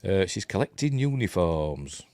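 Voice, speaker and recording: A man's voice: deep voice, very animated, unhurried, a little mellow, no echo, clean studio sound. A Yorkshire man giving a casual, rambling scene-by-scene commentary on a film, often correcting himself and chuckling. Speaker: film reviewer.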